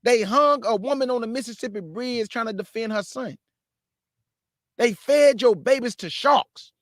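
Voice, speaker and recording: A man preaching to his listeners, emphatic and repetitive, calling them family and swinging between shouts and low asides. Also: moderate pace, no room sound, clean studio sound. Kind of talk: street-style preaching.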